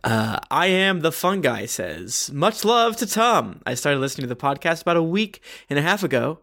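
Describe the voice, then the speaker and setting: Podcast co-host, male, lightly higher register, brisk offhand review reader. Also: sing-song, gravelly, sharp tone. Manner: quick, offhand reading with small asides. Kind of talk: casual chat, reading listener reviews aloud.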